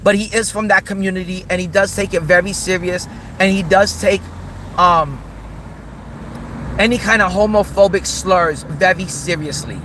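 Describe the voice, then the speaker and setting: A man's voice: sits high, moderate pace, noisy background. A man hosting a livestream, ranting in a taunting, mocking, repetitive way. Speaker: streamer host. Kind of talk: livestream rant.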